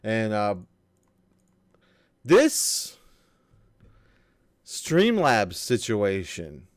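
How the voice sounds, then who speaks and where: Man, gaming podcast co-host, casual rambling talk, self-deprecating, lively pitch, dry close sound. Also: drawn-out words, no room sound. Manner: rambling, profane, self-deprecating, many restarts. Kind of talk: casual gaming news chat.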